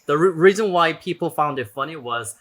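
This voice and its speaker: A man's voice: fairly high pitch, animated, a little fast, a bit bright. A man guest on a podcast, chatting casually and searching for words as he talks about accents. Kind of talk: casual group chat.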